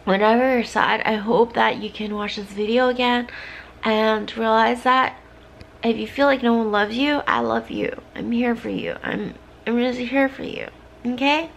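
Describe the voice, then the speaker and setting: A tipsy young woman vlogging a heartfelt, tearful pep talk to camera, often sinking into soft whispers. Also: on the high side, steady tone, moderate pace, creaky, slight background noise. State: teary.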